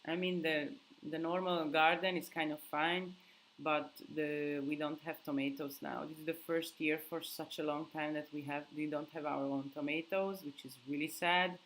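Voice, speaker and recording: A woman's voice: low-pitched, steady tone, normal speed, a bit bright, a little hiss or hum, rough recording. A sleep-deprived young woman hosts a casual live Q&A. She answers viewer questions, thinking aloud and hunting for words.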